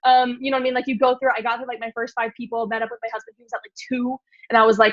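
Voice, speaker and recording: Chatty fast-talking woman storyteller. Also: a little high, no echo. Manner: animated, filler-heavy, lots of "like". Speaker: speaker at a mindset meeting. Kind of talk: casual storytelling to a group. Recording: dry, dull lo-fi sound.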